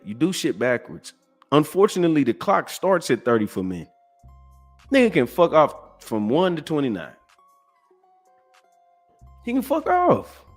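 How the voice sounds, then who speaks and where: A man in his forties hosting a podcast, ranting bluntly and profanely, jumping from loud outbursts to low, sighing asides. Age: 40s. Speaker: podcast host. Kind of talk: ranting commentary.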